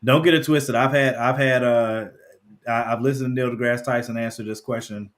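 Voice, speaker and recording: A man co-hosting a live talk stream, relaxed and easygoing, often trailing off quietly and laughing. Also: mid-range voice, normal speed. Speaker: podcast co-host. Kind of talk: casual chat.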